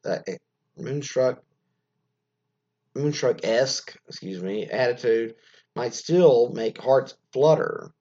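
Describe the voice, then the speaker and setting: An American man talks in a loose, opinionated podcast style, stumbling over restarts and fillers as he reads out news and wanders off on tangents. His voice is husky and sits at an ordinary pitch. The recording sounds dull and lo-fi. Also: warm tone. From United States. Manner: rambling, frequent restarts and fillers, reads news aloud then riffs. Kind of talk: casual opinionated commentary.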